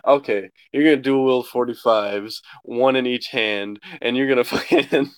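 A man's voice: mid-range voice, fairly even intonation, clear, resonant tone, dry recording. A man in casual conversation, laid-back and swearing freely. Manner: laid-back, profane, quick to laugh along. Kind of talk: casual chat.

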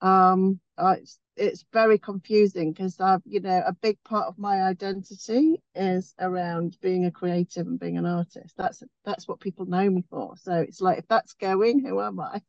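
Video-call participant, gravelly and uncertain, dry, muffled lo-fi sound. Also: medium pitch, fairly even intonation, normal speed, hardly any pauses, no room sound. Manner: uncertain, searching. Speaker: participant asking a question. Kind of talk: casual question on a video call. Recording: dull lo-fi video call audio.

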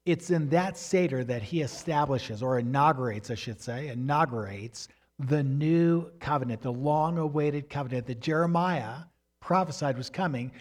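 A man preaching a sermon with emphatic delivery, swinging up and down in pitch and loudness, and referring to slides as he teaches. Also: normal speed. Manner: emphatic preaching, rising and falling in pitch and volume. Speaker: pastor.

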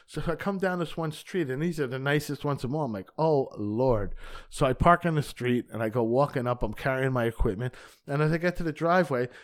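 A male stand-up comedian telling a casual, profane story as a podcast guest, acting out the dialogue with sudden jumps in pitch and loudness. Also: fairly quick. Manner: profane, rambling with frequent restarts.

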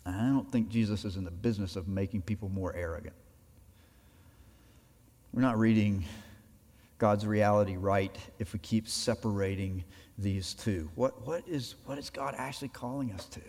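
A male pastor giving a sermon, animated, voicing imagined conversations to make his points. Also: on the low side, normal speed. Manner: animated preaching, acts out imagined dialogue. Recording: long hall reverb.

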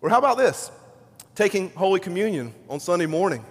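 A man's voice: high-pitched, big pitch swings, a little fast. A male pastor preaching an earnest, repetitive sermon in a church sanctuary. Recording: long church reverb.

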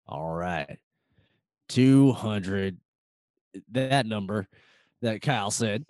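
Playful male host, lively up-and-down delivery, dry close sound. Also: fairly low pitch, very slow, no room sound. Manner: playful, laughing, briefly puts on a Texan drawl. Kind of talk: casual group chat.

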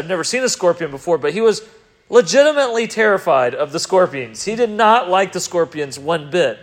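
High-voiced man preaching with animated swings. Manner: animated, swinging between loud emphasis and quiet reflection. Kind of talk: sermon.

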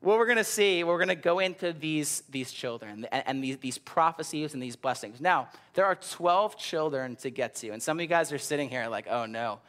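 A young male pastor delivering a sermon in a chatty, animated way. His voice sits a little higher than most men's, and he trips over and repeats words as he goes. He keeps checking in with the room with a quick "right?". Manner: animated, conversational preaching with frequent "right?" asides.

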